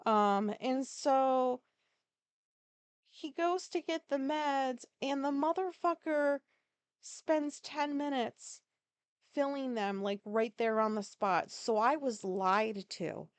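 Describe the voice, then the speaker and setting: A woman's voice: high voice, slow, smooth, no echo. A woman hosting a podcast, telling a story in a casual, rambling way, swearing freely and correcting herself as she goes. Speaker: podcast host.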